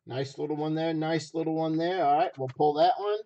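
A hoarse man running a live stream auction, repeating phrases as he hypes each item from a basement room. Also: a little high, fairly even intonation, a little fast, mellow, dull audio.

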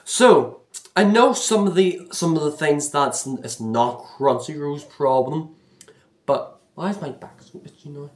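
A man with a fairly high voice rants to the camera, exasperated and complaining. He rambles, circles back and repeats himself, taking his time over the words. The sound bounces around an echoey room. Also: a little slow. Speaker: vlogger. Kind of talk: casual rant to camera.

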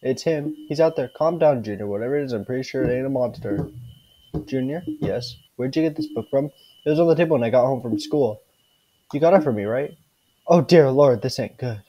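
A man's voice: medium pitch, a little fast, dark tone, highs cut off, lightly acted. A man reading the lines of a tired, worried mother in a folksy way, with a mild attempt at a southern voice.

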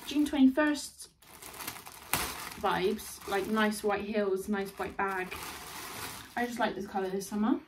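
A woman's voice: mid-range voice, takes it slowly, long pauses. Young woman, casual haul chatter, bubbly, slightly distant mic. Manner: chatty, bubbly, laughs often. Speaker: fashion vlogger. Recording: distant mic, faint room noise.

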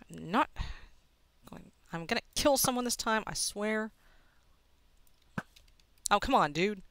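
A young woman talking to herself while she plays a game, swearing often and muttering quietly between excited outbursts. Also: mid-range voice, slow, long pauses, no echo. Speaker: gaming video host. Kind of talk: casual let's-play commentary.

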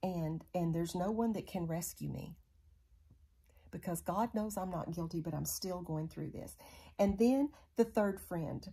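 A woman's voice: lowish voice, a little slow, warm tone, husky. Hesitant woman leading a Bible study. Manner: hesitant, many fillers and restarts, paraphrasing scripture. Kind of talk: casual Bible study teaching.

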